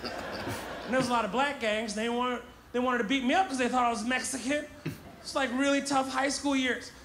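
A stand-up comedian from Kuwait telling a story in an animated way, shouting punchlines and laughing as he goes. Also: extremely high pitch, a little fast. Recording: roomy with background noise.

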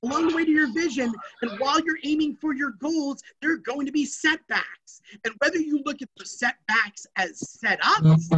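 Bright, energetic workshop presenter. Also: medium pitch, husky, dull audio. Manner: energetic and emphatic. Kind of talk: motivational workshop talk. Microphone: online video session.

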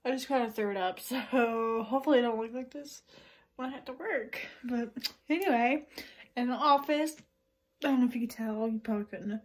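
The voice is a little high and the recording is low quality. It belongs to a young adult woman casually chatting in her daily vlog from her car and then her home, giggly, rambling, full of fillers, and out of breath.

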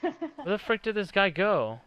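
A man giving casual, excitable commentary while coaching his girlfriend through a video game. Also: high-pitched, moderate pace, dull audio, noisy background. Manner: bossy, excitable coaching, swears. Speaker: gaming channel host.

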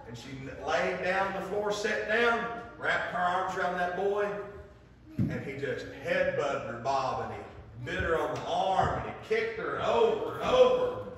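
A man preaches with a bright, somewhat high voice. He swings between impassioned storytelling and hushed appeals. The sound comes from a distant mic in an echoey church hall. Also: lively intonation, measured pace, a little hiss or hum. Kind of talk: sermon with altar call. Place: church sanctuary.

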